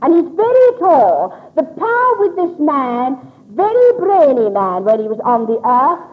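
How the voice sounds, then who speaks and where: A woman's voice: high voice, sing-song, a little slow. A woman giving messages from the spirit world to members of an audience, calling them "my dear" and reassuring them. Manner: calls listeners "my dear", reassuring. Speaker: spiritualist medium. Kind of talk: public spirit-message demonstration. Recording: tinny phone-like old recording.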